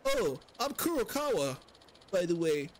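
A man doing a boastful, crude street informant with a drawling, sing-song put-on accent. The voice sits raised and bounces widely up and down. It comes across as a loud, folksy game character. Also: fairly high pitch, animated, moderate pace. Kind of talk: reading game dialogue aloud in a put-on voice.

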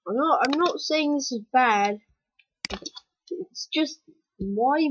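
Woman, gameplay commentary, excitable, slow unhurried talk, dull lo-fi mic. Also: sits high, a little hiss or hum. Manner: excitable, yelps and exclaims at the game.

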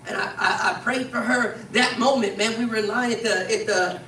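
Earnest pastor in an echoey room. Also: male voice, high-pitched, fairly even intonation, normal speed, sharp tone. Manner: earnest, repeats "man" often, stumbles and restarts. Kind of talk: sermon. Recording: distant mic in an echoey room with faint noise.

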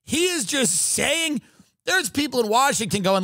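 A man rants mockingly through a comedy podcast, crude and animated. His voice is high and gravelly, with a lively swing, recorded dry and close. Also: a little slow, dry recording. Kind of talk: comedic rant.

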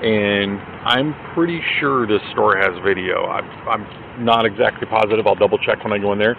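A male police officer questioning and calming an upset woman, brisk and reassuring, recorded outdoors on his body camera. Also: fairly low pitch, creaky. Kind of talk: calm on-duty questioning. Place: outdoors by a fast-food restaurant. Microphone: body camera worn by him. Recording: tinny body-cam audio, street noise.

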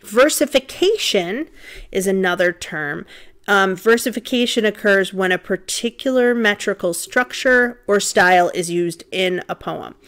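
A woman's voice: mid-range voice, animated, a little slow, fairly bright tone. A woman teaching a literature class in a recorded lecture, casual and conversational, thinking aloud with frequent ums as she counts out beats. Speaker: literature instructor. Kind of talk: recorded lecture over slides.

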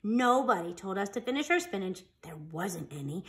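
A woman reading a children's picture book aloud as a storyteller, in an animated, expressive way. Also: mid-range voice, moderate pace, hardly any pauses.

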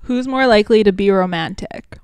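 A woman's voice: mid-range voice, brisk, smooth, no room sound. A woman hosting a casual podcast, reading out game questions and teasing her guests. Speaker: podcast host.

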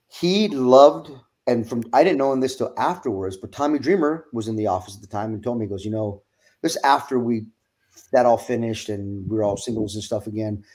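Middle-aged male guest, lively storyteller who swears and laughs, streaming mic. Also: mid-range voice. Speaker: wrestling guest. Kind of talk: casual storytelling.

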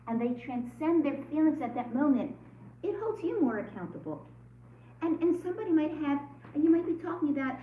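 A woman's voice: fairly high pitch, a little hiss or hum. Earnest woman teaching a religious class. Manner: earnest, asks the room questions. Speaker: teacher leading a women's study group. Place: room with a group. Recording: echoey lo-fi room recording from far off.

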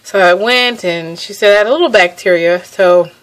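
A young woman talks casually to her viewers in a vlog. She sounds a little out of breath, chatty and easily amused, breaking off sentences and starting them again. Her voice sits at an ordinary pitch for a woman. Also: moderate pace. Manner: chatty, laughs often, restarts sentences. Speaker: pregnancy vlogger.

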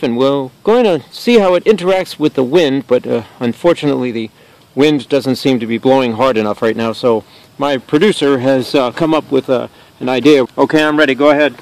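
A man's voice: mid-range voice, brisk, a little mellow. A man hosting a comedic science lesson outdoors, talking earnestly and in a mock-serious way, easily flustered. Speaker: science show host. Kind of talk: comedic educational presentation. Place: outdoors in a natural area.

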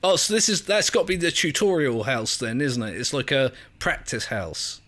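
A man's voice: mid-range voice, very animated, moderate pace, fairly bright tone. An English man giving chatty, self-mocking let's play commentary as he plays a video game, often laughing and reading on-screen text aloud. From England. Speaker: gaming video creator.

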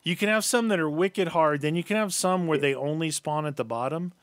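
A man's voice: a little high, a little fast, dry recording, clean studio sound. A man co-hosting a gaming video, chatting playfully and giving his views on the map while he plays, with game gunfire behind him. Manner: chatty, playful, gives opinions on map design. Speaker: gaming channel co-host. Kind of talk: casual gameplay chat.

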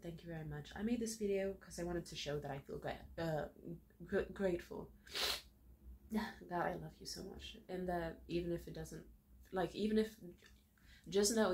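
A woman's voice: lowish voice, gravelly, darkish tone, slight background noise. Tearful young woman gushing with gratitude. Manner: tearful, gushing, laughing through tears. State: crying. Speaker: vlogger. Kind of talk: emotional direct-to-camera vlog. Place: home room.

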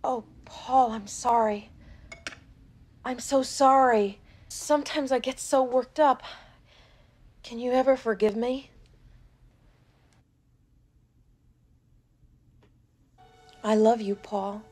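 A woman's voice: a little high, steady tone, slow, long pauses, darkish tone. An actress playing a volatile, obsessive middle-aged woman caretaker who swings between prim scolding and gushing apology, in a film drama. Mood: apologetic.

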